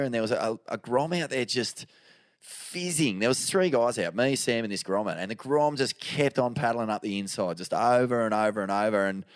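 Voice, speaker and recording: An Australian man co-hosting a podcast in a casual, sweary storytelling manner. His voice sits fairly low and the sound is dry and close. He loops back and restarts often as he talks. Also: dry recording. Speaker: podcast co-host. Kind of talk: casual chat.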